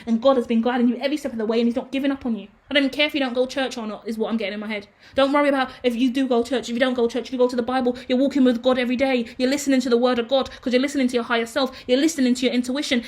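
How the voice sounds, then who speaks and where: Woman, tarot reader, rapid, fairly high voice, emphatic, preachy, swears. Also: steady tone, darkish tone. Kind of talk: casual tarot reading.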